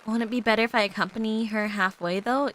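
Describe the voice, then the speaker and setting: A woman's voice: on the high side, fairly even intonation, quick pace, a bit bright, a little hiss or hum, low-quality recording. A young woman streaming as a VTuber, chatting playfully with lots of giggles and reading a visual novel aloud.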